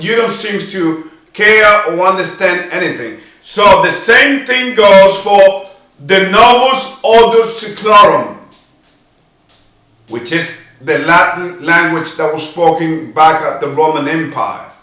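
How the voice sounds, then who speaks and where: Slow, preachy high-voiced man, echoey room. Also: sharp tone. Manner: emphatic, preachy, drawn-out phrases with repetition. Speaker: video commentator. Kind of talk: impassioned monologue to camera.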